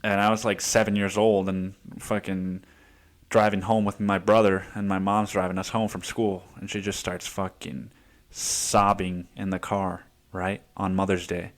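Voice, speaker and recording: A man's voice: sits low, little pitch movement, measured pace. A young man hosting a solo podcast, telling stories in a rambling, profane way with many restarts. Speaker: podcast host. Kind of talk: casual solo monologue.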